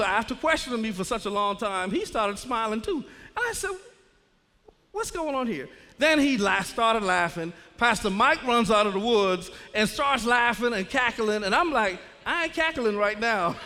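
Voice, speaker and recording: A man's voice: very high-pitched, measured pace. Laughing man telling a church story. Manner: animated, laughing, dramatic retelling. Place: church sanctuary. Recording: echoey church hall.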